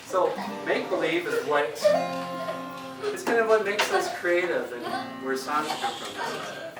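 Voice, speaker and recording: A man's voice: sits high, very animated, takes it slowly. Man, Minnesota accent, children's puppeteer, playful questions, roomy hall, far from mic. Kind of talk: school performance talk to children. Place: elementary school room. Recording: echoey room, distant mic, guitar behind.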